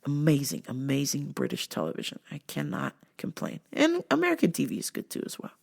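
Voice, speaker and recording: A woman vlogger rants through a story with a low, gravelly voice. She swears freely and sounds thoroughly exasperated. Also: wildly swooping pitch, fairly quick. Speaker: vlog host and store worker. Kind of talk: casual vlog rant.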